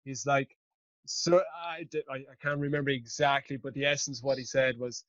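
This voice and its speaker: A man hosting a podcast, telling a story in an animated way and swearing freely. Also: mid-range voice, moderate pace, dry recording, lo-fi sound. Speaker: podcast host. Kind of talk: casual conversational storytelling.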